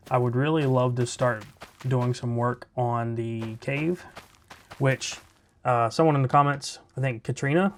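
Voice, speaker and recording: A man hosting a Minecraft let's play, giving casual, laid-back commentary and thinking aloud as he plays. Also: medium pitch.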